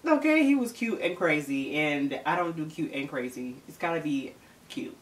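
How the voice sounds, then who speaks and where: A woman's voice: deep voice, expressive, moderate pace, recorded from a distance. A young woman from the Chicago area telling a storytime tale to camera in a chatty, dramatic way, often laughing. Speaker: vlogger. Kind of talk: casual storytime. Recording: roomy, from the mic.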